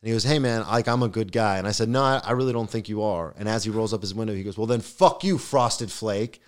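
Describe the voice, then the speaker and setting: A man's voice: lowish voice, rapid-fire, smooth. A young man, a podcast guest, telling a comedic story with lots of swearing and acted-out quotes. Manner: animated, swearing, acts out the quotes.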